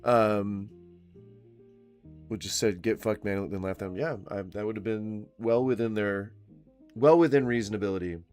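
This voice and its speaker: A man's voice: fairly low pitch, moderate pace, pauses often, a little mellow, soft background music. A man giving profane, mocking reaction commentary, often breaking into laughter. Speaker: commentary YouTuber. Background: faint smooth jazz.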